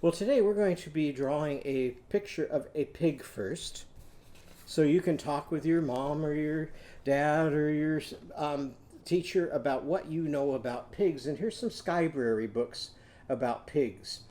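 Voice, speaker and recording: A man's voice: on the high side, a little slow, warm tone. A man teaching a children's literacy lesson, leading call-and-response and drawing out syllables for kids to repeat.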